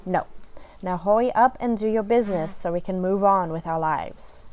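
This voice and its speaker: A woman's voice: medium pitch, normal speed, darkish tone, lightly acted. A woman voicing a haughty, dismissive homeowner in a visual novel, curt and condescending as she reads the dialogue aloud. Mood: disdainful.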